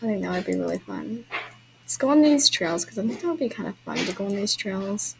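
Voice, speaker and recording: A woman's voice: medium pitch, animated, a little fast, gravelly, loud music behind the voice, rough recording. A young woman hosting an online horse-riding game event, chatting to viewers and apologizing with little laughs as she plays. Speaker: game vlogger hosting a trail ride. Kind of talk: casual gameplay commentary.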